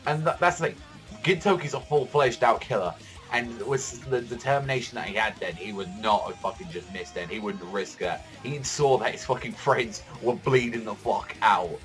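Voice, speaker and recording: A man giving casual reaction commentary on a manga chapter, excitable and profane, rambling with lots of fillers. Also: medium pitch, moderate pace, faint music behind.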